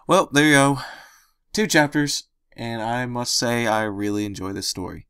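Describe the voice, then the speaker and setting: A man's voice: mid-range voice, moderate pace, sharp tone, clear, resonant tone. A man narrating fan fiction aloud, then chatting casually with his listeners. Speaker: audiobook narrator.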